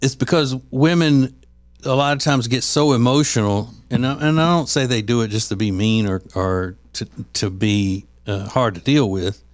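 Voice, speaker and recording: A man's voice: mid-range voice, normal speed, no echo. Dry-voiced man rambling on a podcast. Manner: rambling, restarts often, acts out quoted voices. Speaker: podcast co-host. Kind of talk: casual chat.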